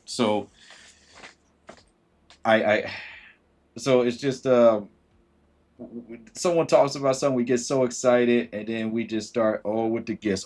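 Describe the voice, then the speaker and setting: A man's voice: on the low side, normal speed. A man hosting a casual livestream, talking animatedly, acting out thoughts in different voices and greeting viewers as he goes. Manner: animated, acts out quoted thoughts in shifting voices; greets viewers mid-sentence. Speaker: livestream host.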